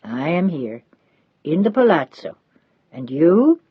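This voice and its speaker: A woman's voice: sits low, big pitch swings, slow pace, husky, no room sound, lo-fi sound, heavily acted. A woman reading the part of an elderly Italian housekeeper, devoted and motherly, in a pleading, insistent manner.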